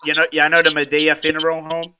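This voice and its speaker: Bright upbeat male co-host. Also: a little high, monotone, fast, clean tone. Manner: laughing, teasing, upbeat. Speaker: podcast co-host. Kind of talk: casual sports podcast chat.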